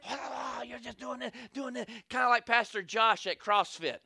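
A man's voice: very high voice, normal speed, dry recording. A man preaching a sermon, telling a story and calling on the crowd for amens, acting out scenes as he goes. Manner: animated, calls for amens, acts out scenes.

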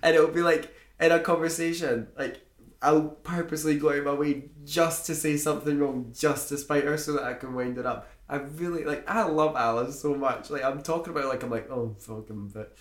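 A man's voice: a little high, fairly even intonation, fairly quick, echoey room. A young man in casual chat as a podcast co-host, teasing, swearing and laughing often.

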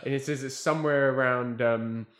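A man's voice: medium pitch, fairly even intonation, moderate pace, fairly bright tone. A man telling a story in casual chat, rambling and correcting himself as he goes. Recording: echoey room.

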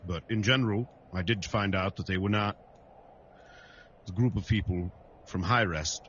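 A man's voice: low-pitched, moderate pace, a bit bright, slight background noise. A man playing a tabletop game, speaking in character in an earnest, rambling way. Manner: earnest, rambling, clears throat. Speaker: player. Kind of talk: in-character tabletop role-play. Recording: dull lo-fi sound.

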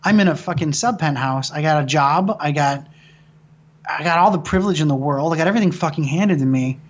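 A brisk, slightly high-pitched man speaks over dull audio. He's a Michigan filmmaker in his thirties, a guest in a casual conversation, rambling through stories with plenty of swearing and frequent restarts.

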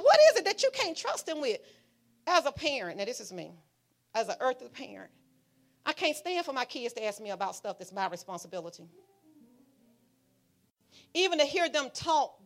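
A woman pastor preaches in church, her voice high, bright and ringing. She talks to the congregation in a fiery, conversational way, slipping into quiet asides and then rising to shouts. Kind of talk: sermon. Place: church sanctuary.

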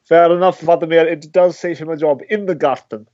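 A man's voice: on the high side, steady tone, fairly quick, a little mellow, highs cut off, natural voice. A man playing a bossy, impatient male talent-show judge with a put-on Russian accent. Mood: smug. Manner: brusque, impatient. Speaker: podcast co-host. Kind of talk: improvised comedy sketch.

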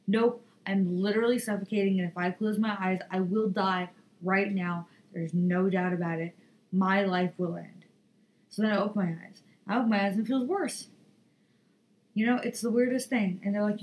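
A tired woman hosting a podcast, telling a story in a profane, rambling, animated way. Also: mid-range voice, moderate pace, slight background noise, poor audio. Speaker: podcast host. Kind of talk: casual solo podcast monologue.

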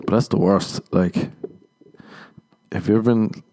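Low-voiced Irish man, sardonic. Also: fairly even intonation, unhurried, noisy background. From Ireland. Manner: sardonic, self-mocking, laughs often. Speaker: podcast host. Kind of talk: comedic monologue.

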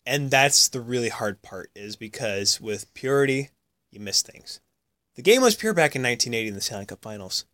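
Bright-voiced man in hockey banter. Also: mid-range voice, brisk, no echo, clean studio sound. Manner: animated, jokey, argues and cuts in. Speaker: podcast co-host. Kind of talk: casual hockey chat.

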